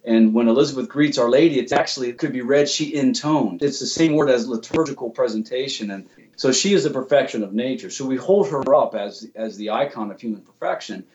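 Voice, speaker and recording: A man's voice: medium pitch, fairly quick, a little mellow, muffled recording. A man earnestly explaining scripture and Greek grammar in a theological discussion, often restarting and repeating words. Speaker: guest theologian.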